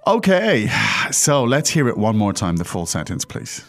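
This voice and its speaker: A man's voice: lowish voice, very animated, moderate pace, soft background music. A man hosting a language-lesson podcast, who explains patiently and keeps checking in with his co-host. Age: adult father.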